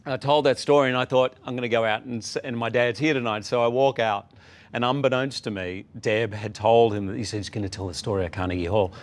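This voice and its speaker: A man's voice: mid-range voice, fairly even intonation, fast talker. A man in his fifties from Australia with an Australian accent, a guest on a talk show telling a story in an easygoing, anecdotal way. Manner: warm anecdotal storytelling, acts out quotes. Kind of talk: casual talk show interview.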